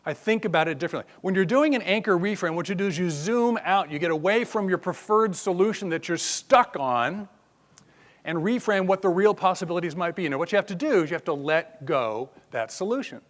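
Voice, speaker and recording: High-voiced older man giving a keynote. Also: fairly quick. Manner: animated, joking, conversational. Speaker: keynote speaker. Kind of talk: conference keynote. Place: conference hall stage.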